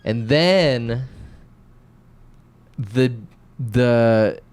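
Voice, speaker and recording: A young man from North Carolina, a podcast co-host, telling a story in casual chat, animated and self-mocking, swearing and acting out quotes. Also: medium pitch, drawn-out words, clean tone.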